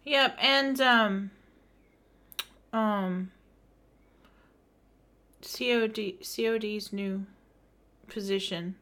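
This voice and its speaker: A young woman with a bright, forceful tone speaks slowly and deliberately on a casual gaming podcast. She jokes around often and keeps agreeing with her co-host. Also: medium pitch, fairly even intonation. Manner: laughs easily, jokes and backs up her co-host. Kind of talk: casual gaming news chat.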